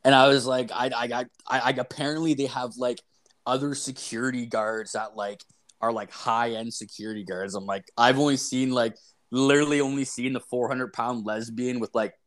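A man's voice: medium pitch, fairly even intonation, normal speed, a bit bright. Profane rambling man telling stories. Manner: profane, rambling, heavy use of "like" fillers. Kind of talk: casual storytelling chat.

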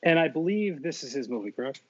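A man's voice: fairly high pitch, big pitch swings, fast, a little hiss or hum. A man in a casual podcast chat about films, hesitant and hedging with many ums. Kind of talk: casual movie discussion. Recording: dull lo-fi sound.

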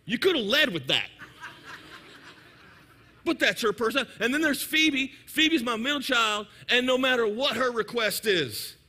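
A man preaching a lively, joking sermon in church, sometimes shouting for emphasis. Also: extremely high pitch, unhurried. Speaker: pastor. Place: church sanctuary.

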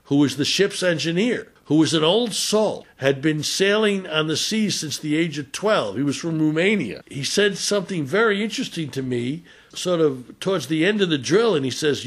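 A man's voice: fairly high pitch, lively intonation, moderate pace, fairly bright tone, husky. Hesitant older man telling a story. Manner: hesitant, many fillers. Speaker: radio host and physician. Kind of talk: unscripted storytelling talk.

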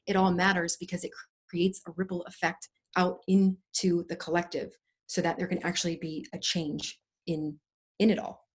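A woman's voice: on the low side, little pitch movement, moderate pace. A woman guest on a podcast, talking in a casual, effusive and earnest way, rambling with restarts. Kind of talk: casual conversational interview.

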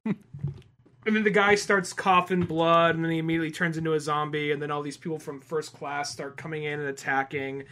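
A man's voice: fairly high pitch, level tone, fairly quick, bright, forceful tone. A man co-hosting a podcast, talking in a laid-back, casual way, swearing and trailing off mid-sentence. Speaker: podcast co-host. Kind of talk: casual chat.

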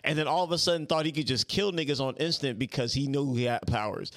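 A man's voice: medium pitch, quick pace, a bit bright, dry recording. Guy ranting about a bad movie, swears a lot, dry close mic. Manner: blunt, profane, incredulous. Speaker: podcast co-host. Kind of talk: casual chat.

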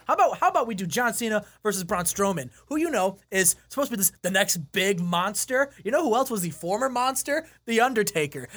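A young man talks wrestling with a friend in a casual chat. His voice sits high and swoops all over the place. He rants at length and laughs easily. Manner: animated, ranting, quick impressions and laughs. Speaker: podcast co-host.

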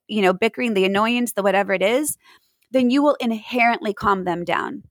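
A woman's voice: mid-range voice, brisk, no echo, low-quality recording. Woman, interview guest, earnest explaining, dry close sound. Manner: earnest, explains with quoted examples and visuals. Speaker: mindfulness and parenting guest. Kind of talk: conversational advice in an interview.

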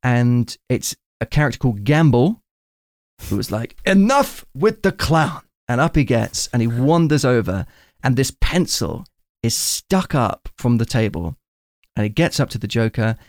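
Male podcast host, gravelly, enthusiastic film buff, dry close sound. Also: medium pitch, lively intonation, moderate pace, a little mellow, no room sound. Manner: enthusiastic, retells scenes at length. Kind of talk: casual film discussion.

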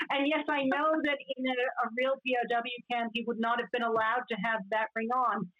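Woman, fairly high voice, lively casual chat, dull lo-fi recording. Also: normal speed. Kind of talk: casual chat about classic TV. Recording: dull lo-fi audio.

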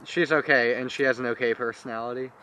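A man's voice: mid-range voice, steady tone, fast talker, pushed and bright, a little hiss or hum. A young man co-hosting a casual podcast chat, rambling through explanations with many fillers. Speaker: podcast co-host.

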